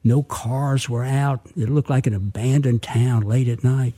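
A man's voice: medium pitch, fairly even intonation, unhurried, dark tone, slightly rough. A man telling a true crime story dramatically, adding sound effects and asking listeners questions.

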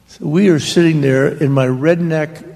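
A man telling stories to a live audience in a folksy, halting way, an author in conversation on stage. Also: a little high, creaky, darkish tone. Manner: folksy, halting, restarts mid-phrase. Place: large hall before an audience. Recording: long hall reverb.

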